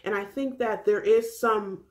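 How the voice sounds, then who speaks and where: A young woman talks through a reality show recap in a loose, chatty way. She is animated and keeps a middle pitch. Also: a little slow. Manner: chatty, animated, slips into quoted voices. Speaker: recap vlogger.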